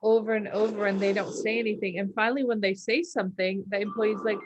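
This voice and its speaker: A woman's voice: medium pitch, fairly even intonation, fast, a little hiss or hum, low-quality recording. A woman podcast host and coach giving an earnest motivational talk, acting out little quoted voices and laughing now and then.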